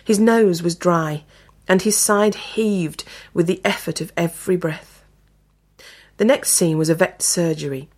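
Low-voiced woman reading a story. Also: a little slow, a little mellow, breathy edge. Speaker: narrator. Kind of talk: storytelling narration.

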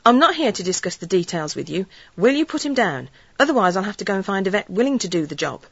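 A woman's voice: medium pitch, very animated, quick pace, slightly rough, dry recording, muffled recording. A woman reading the part of a cold, harsh dog owner who answers curtly and impatiently. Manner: curt, snappish, impatient.

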